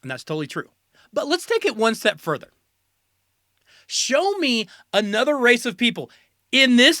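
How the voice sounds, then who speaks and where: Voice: medium pitch, bright, forceful tone, dry recording, studio quality. An American host giving a joking solo commentary, full of sarcastic asides. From United States.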